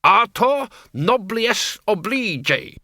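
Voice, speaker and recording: A man's voice: high-pitched, animated, normal speed, a bit bright, no echo, clean studio sound, pitched above the performer's own voice. A man voicing a bossy, haughty woman vampire in an audiobook. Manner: bossy, commanding.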